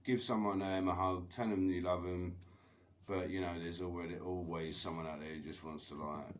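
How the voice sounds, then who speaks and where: A man's voice: sits low, flat delivery, normal speed. Swearing man rambling on a live stream. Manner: swears constantly, laughs, rambling storytelling. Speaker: livestreamer.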